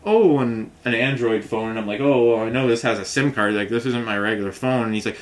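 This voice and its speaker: A man's voice: steady tone, fast talker. Rambling frustrated man telling a story. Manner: rambling, frustrated, mimics others with raised pitch. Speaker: vlogger telling a complaint story. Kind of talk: casual storytelling rant.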